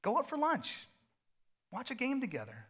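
A man preaching a sermon as pastor, in a casual, animated way with playful asides. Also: extremely high pitch, moderate pace.

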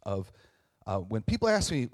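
With a fairly low pitch that swings widely, this man speaks at a normal speed. He's a pastor in his thirties whose relaxed sermon is chatty, full of tag questions and restarts, and marked by self-deprecating jokes.

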